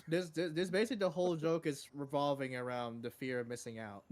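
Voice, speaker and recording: A man's voice: fairly high pitch, fairly even intonation, a little fast. Man joking with friends on a podcast. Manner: joking, reacts with laughter and exclamations. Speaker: podcast co-host. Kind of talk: casual chat among friends.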